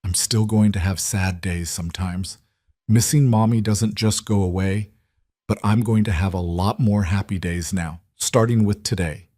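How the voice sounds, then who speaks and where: Man doing a tired careful single dad, earnest, low voice, dry close sound. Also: steady tone, normal speed, no room sound, close to an everyday voice. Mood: tender. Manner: cautious, earnest, gently tender. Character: wary, weary single father.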